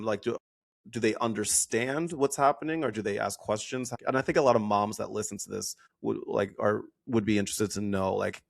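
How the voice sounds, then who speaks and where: A man's voice: on the low side, creaky. A man hosting a podcast, asking thoughtful questions and affirming his guest. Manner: warm, affirming, thoughtful interviewer. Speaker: podcast host. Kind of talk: interview questions.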